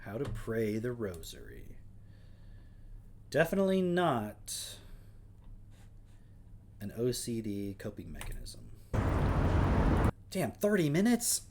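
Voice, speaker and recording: This livestream host has a mid-range voice with wildly swooping pitch and a darkish tone, speaking slowly with long pauses, and there's a little hiss or hum in the audio. He reads passages aloud, then interrupts them with dry, sarcastic questions in a relaxed chat manner.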